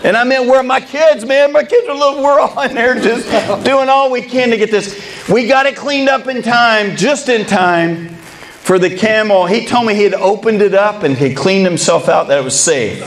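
A middle-aged man, a baseball coach, giving a motivational keynote and telling an animated, comic story with quoted dialogue. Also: sits high, normal speed.

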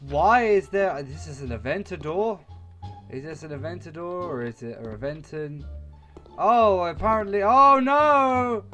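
A man's voice: fairly high pitch, animated, moderate pace, soft background music. A young man commentating a video game, swearing and exclaiming as he rambles along. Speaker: gamer. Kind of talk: let's play commentary.

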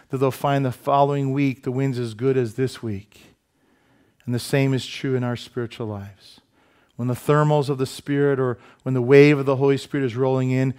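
A man preaching from the pulpit, pitch set in the everyday middle. He tells stories with animated asides and pokes fun at himself. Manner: animated storytelling with asides and self-deprecating humor. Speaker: pastor. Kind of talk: sermon. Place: church sanctuary.

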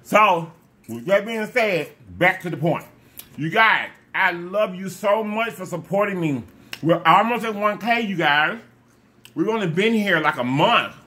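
His high, bright voice is expressive and forceful, moving a little slowly. He's a mukbang vlogger talking casually to viewers mid-meal, effusive and prone to repeating phrases, sometimes with food in his mouth.

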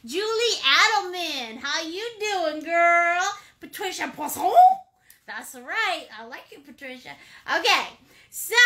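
Her very high-pitched voice sounds pushed and bright as she leads a live painting class with a Maine accent. The instructor is bubbly and playful, chatting warmly and calling viewers by pet names and endearments.

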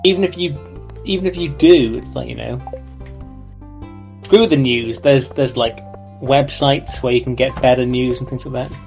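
A man's voice: medium pitch, moderate pace, vocal fry, long pauses, a little mellow, faint music behind. A man co-hosting a game stream, chatting loosely and greeting viewers. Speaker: co-host of a gaming stream. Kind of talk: casual let's-play chat.

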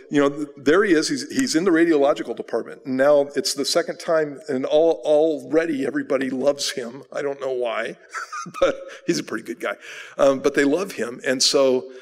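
A man preaching a sermon as pastor, telling a story in a lively, animated way and acting out the people in it. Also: mid-range voice. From United States. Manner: animated storyteller, acts out quoted people, chuckles. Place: church sanctuary. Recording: long hall reverb.

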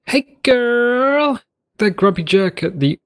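A man's voice: extremely high pitch, animated, slow pace, pitched above the performer's own voice, full character voice. A man reading a game note aloud in a raised voice as a young woman writing to her secret sweetheart. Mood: lovestruck.

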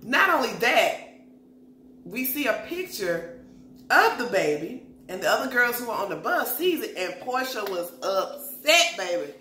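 A woman recaps a reality show in a slangy, gossipy vlog style. Her voice sits a bit high and bright, swooping up and down with lots of life. The recording has a roomy echo. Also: unhurried, slight background noise. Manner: animated, slangy, gossipy storytelling. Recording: echoey room.

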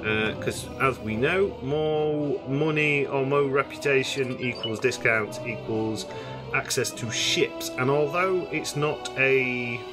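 A man's voice: medium pitch, slow pace, over music. A man giving casual, rambling let's-play commentary on a space game, full of hesitations. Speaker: gaming streamer.

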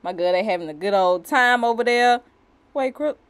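A woman's voice: a little high, brisk, clean tone. A young woman doing a casual, unscripted voiceover for a wig install tutorial. She talks in chatty slang, full of "you know" and "y'all", and keeps breaking off to giggle and apologize out of nerves.

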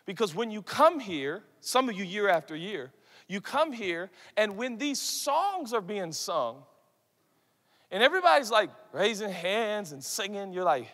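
Male pastor, 30s, high bright voice, animated stage sermon with shouts and hushed asides. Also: a little slow. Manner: animated, shifts from loud shouts to soft asides, acts out quoted voices. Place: large conference hall. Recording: long hall reverb.

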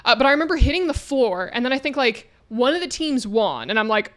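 A young woman with a high voice chats casually on a podcast. She tells her stories with animation and swears freely. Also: very animated, fast, fairly bright tone. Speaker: podcast co-host, esports caster. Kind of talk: casual chat.

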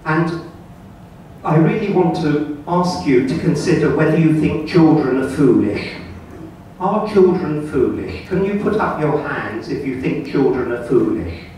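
A man with a somewhat high voice lectures a club audience, earnest and questioning. He stands far from the microphone in a very echoey room, with a faint hiss underneath. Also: animated, a little slow, darkish tone. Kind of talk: public talk to an audience.

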